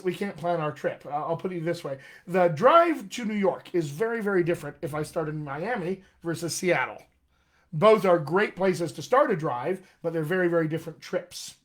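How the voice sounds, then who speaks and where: Man, dialect coach, live Q&A, chatty and encouraging, voice a bit on the high side. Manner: chatty and encouraging, reads viewer questions aloud. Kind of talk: live-streamed Q&A session.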